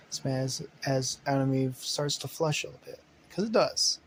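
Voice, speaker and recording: Guy making up a story as he goes, lots of uh and sorry, swears a bunch, middle pitch, faint noise behind. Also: normal speed, hardly any pauses, low-quality recording. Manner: rambling, swearing, many fillers and self-corrections. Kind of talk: casual improvised story narration.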